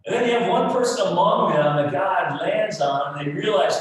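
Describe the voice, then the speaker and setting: A male pastor preaching with rising passion, dropping to near murmurs and then bursting into loud exclamations. His voice sits a little high for a man. It is caught from a distance in a very echoey church hall. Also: lively intonation, moderate pace. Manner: impassioned, swings from quiet to shouting. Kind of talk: sermon. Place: church sanctuary.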